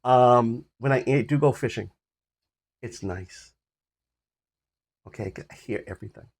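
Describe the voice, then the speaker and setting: An older man with a husky voice casually rambling about his health on a phone recording, full of fillers and restarts. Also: mid-range voice, measured pace. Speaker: vlogger sharing his health journey. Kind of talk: casual personal update to camera.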